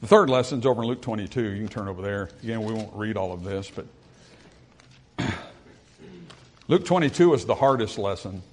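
A man preaching a sermon to his congregation in an earnest voice. He rises for emphasis and then drops low and quiet. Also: expressive, brisk, pauses often. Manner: reads scripture in old-style phrasing.

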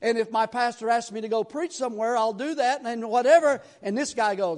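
A middle-aged man from Tennessee with a Southern accent, preaching a sermon in a folksy, rambling way with sudden loud bursts. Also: extremely high pitch, brisk, hardly any pauses. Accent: Southern American. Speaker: pastor.

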